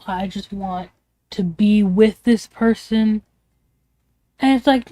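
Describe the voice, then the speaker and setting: A woman's voice: mid-range voice, slow pace, long pauses, mellow, dry recording, clean studio sound. A young woman streamer venting in a casual, rambling way, emotional and swearing often.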